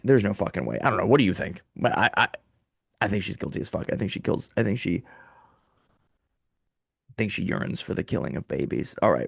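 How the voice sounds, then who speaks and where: Lively, profane, ranting comedian. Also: male voice, fairly low pitch, creaky, no echo, studio quality. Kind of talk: casual comedic monologue. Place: small rented office.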